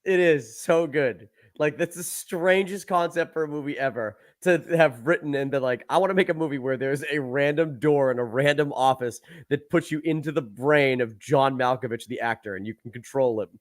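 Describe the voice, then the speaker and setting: A man hosting a podcast, chatting casually, laughing often and swearing through animated retellings. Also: medium pitch, normal speed, hardly any pauses. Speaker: podcast host. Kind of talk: casual chat.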